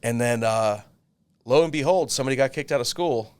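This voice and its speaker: Animated man telling a swearing story. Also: mid-range voice, smooth. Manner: animated, swears freely, quick asides. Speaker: podcast co-host. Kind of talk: casual storytelling.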